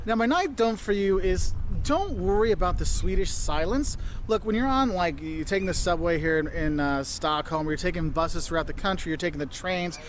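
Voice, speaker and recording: A man with a notably high voice gives travel advice straight to the camera, chatty and direct, laughing through his asides. He is outdoors in a city, with faint traffic noise behind him. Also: fairly quick. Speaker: travel vlogger.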